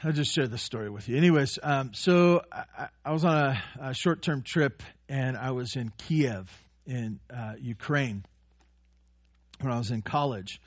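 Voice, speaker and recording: A man preaching a sermon as a pastor, telling stories and growing animated when he quotes. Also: mid-range voice, a little slow, no echo. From United States. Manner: storytelling, animated when quoting. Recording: dull lo-fi dry sound.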